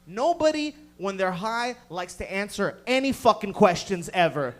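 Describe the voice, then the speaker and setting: High-voiced profane stand-up comic. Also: male voice, expressive, normal speed. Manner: profane, riffing with the audience, acting out voices. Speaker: stand-up comedian. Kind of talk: stand-up set with crowd work. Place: comedy club stage.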